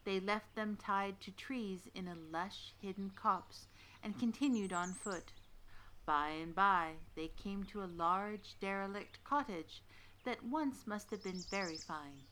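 A woman playing an old witch who narrates a folktale in a measured, deliberate way. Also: mid-range voice, sharp tone, a little hiss or hum. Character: old witch storyteller, knowing and dry. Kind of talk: scripted storytelling narration.

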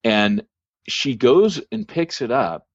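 A man's voice: medium pitch, big pitch swings, takes it slowly, breathy edge, no room sound. A man hosting a podcast, telling a long church story in a rambling, casual way with many ums and restarts. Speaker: podcast host. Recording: dry, dull lo-fi sound.

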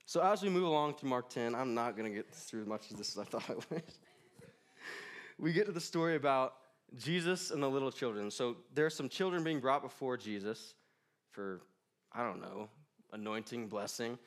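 A man's voice: mid-range voice, expressive, moderate pace. A young man preaching a casual, joking sermon in a church, laughing often between lines. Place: church in front of a crowd.

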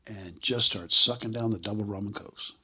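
A man in his sixties, a guest in an interview, telling stories in a casual, animated way and acting out the voices he quotes. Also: fairly low pitch, normal speed, husky. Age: 60s.

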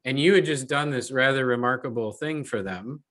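A man's voice: mid-range voice, moderate pace, fairly bright tone. A man hosting an interview podcast, talking in a reflective, candid and casual way. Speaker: podcast host. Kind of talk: conversational interview.

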